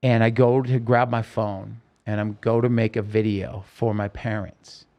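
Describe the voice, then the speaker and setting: A man's voice: on the low side, flat delivery, a little slow, lo-fi sound. Man intensely retelling a harrowing story. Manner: vivid, intense storytelling with quoted dialogue. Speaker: podcast guest. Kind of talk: personal story told in an interview.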